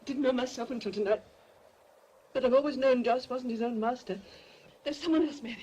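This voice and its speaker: An actress playing a frightened middle-aged woman who urgently confides a dark secret, in 1930s film acting style, from a hissy old film soundtrack. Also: on the high side, fairly quick, husky. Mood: fearful, urgent.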